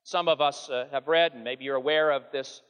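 A man's voice: medium pitch, fairly even intonation, fairly quick, a bit bright, clear, resonant tone. A man preaching a sermon with earnest, emphatic delivery that rises and falls. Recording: long hall reverb.

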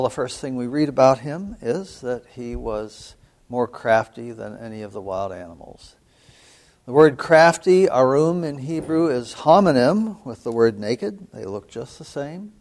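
A male seminary professor gives a biblical studies lecture in a voice of ordinary pitch. He speaks in a measured, thoughtful way, with frequent hesitations. Now and then he clears his throat. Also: a little mellow.

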